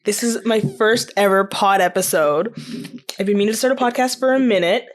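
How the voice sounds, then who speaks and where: A woman's voice: mid-range voice, fairly quick. Young woman hosting her podcast, bubbly and playful, laughs a lot. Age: young adult. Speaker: podcast host. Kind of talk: casual chat.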